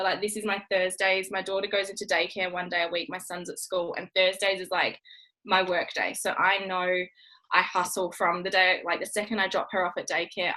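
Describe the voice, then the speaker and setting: A woman's voice: medium pitch, sharp tone, poor audio. A woman chatting casually at home, upbeat and full of fillers, giving business advice. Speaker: interviewee, network marketer. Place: home room.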